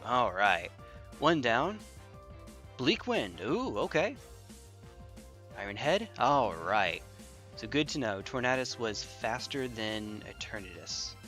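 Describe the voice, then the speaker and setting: A man's voice: mid-range voice, big pitch swings, slow pace, long pauses, bright, forceful tone, soft background music. Jokey man thinking aloud while streaming. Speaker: streamer playing online battles. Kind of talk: casual livestream commentary.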